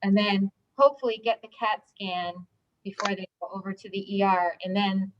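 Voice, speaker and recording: A woman's voice: mid-range voice, fairly even intonation, normal speed, lo-fi sound, slight background noise. A woman walking colleagues through a hospital procedure in an informal presentation, with frequent ums. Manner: explanatory, many filler ums. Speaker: hospital stroke program presenter.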